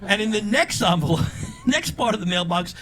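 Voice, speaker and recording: An older man performing a live stand-up comedy routine with a punchy delivery, often leaping into loud, high character voices. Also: animated, moderate pace, slight background noise. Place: comedy stage before a live audience. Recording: live show with crowd laughter. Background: audience laughter.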